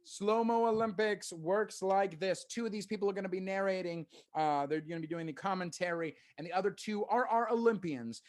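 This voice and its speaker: A man's voice: high voice, fairly quick, hardly any pauses. A man hosting a live improv comedy show, upbeat and chatty, laughing as he explains the next game. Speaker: host.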